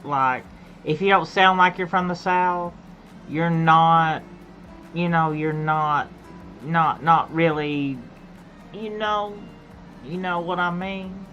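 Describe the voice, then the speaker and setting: A woman streamer with an Appalachian accent and a lowish voice, chatting loosely while she plays. She circles back over her words and restarts sentences as her thoughts come, with faint game music underneath. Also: takes it slowly, long pauses, highs cut off. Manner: rambling, repeats and restarts phrases. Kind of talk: casual gaming chat.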